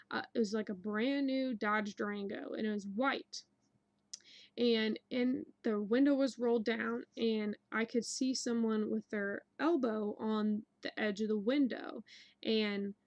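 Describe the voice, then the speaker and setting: A woman's voice: fairly high pitch, no echo, poor audio. A young woman casually telling a long personal story, rambling with many fillers and restarts. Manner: rambling, many ums and likes. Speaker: dream narrator.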